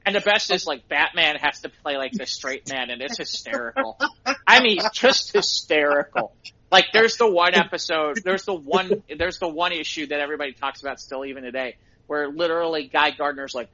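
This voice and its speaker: A middle-aged man, a podcast co-host, telling excited stories in casual chat and laughing at them himself. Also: on the high side, fairly quick, muffled recording. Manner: excitable storyteller, laughs at his own stories.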